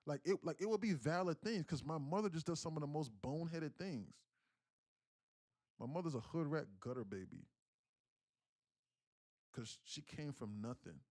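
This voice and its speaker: A man's voice: fairly high pitch, expressive, normal speed, long pauses, darkish tone, no room sound, clean studio sound. Profane, emphatic man ranting on a livestream. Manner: profane, emphatic, repetitive restarts. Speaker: day trading livestreamer. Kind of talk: livestream storytelling rant.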